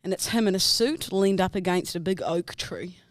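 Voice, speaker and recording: A woman's voice: medium pitch, normal speed, no echo, clean studio sound. A woman co-hosting a podcast, telling stories in casual chat with lots of giggling and swearing. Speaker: podcast co-host.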